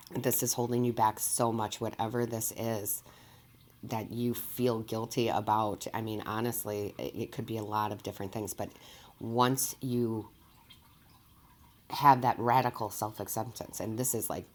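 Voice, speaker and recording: A woman working as a medium, giving an earnest, emotional tarot reading to her viewers and often checking in with them. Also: rumbling low. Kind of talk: direct-to-camera tarot reading.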